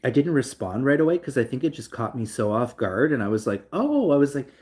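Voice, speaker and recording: This young man livestreams in a mid-range, slightly mellow voice, talking fast and loosely. He rambles with plenty of fillers and reads his chat out loud.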